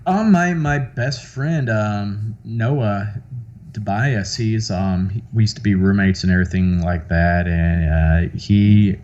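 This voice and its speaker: A guest actor from the American South, with a light Southern accent, chats casually in an interview, rambling with lots of fillers and restarts. His voice is lowish, slow, and a little mellow, with lo-fi sound.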